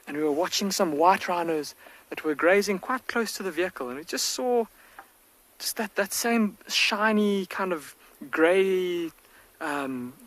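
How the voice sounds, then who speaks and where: A man working as a field guide, giving hushed, excited live wildlife commentary outdoors from a safari vehicle, with the mic close to his face. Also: high voice, poor audio. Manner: hushed, near-whispered, excited.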